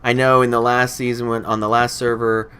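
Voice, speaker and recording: A man's voice: mid-range voice, little pitch movement, a little fast, bright, forceful tone, clear, resonant tone. A young man hosting a game let's play, chatting casually while he plays and rambling with lots of "you know" fillers. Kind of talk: casual commentary while playing.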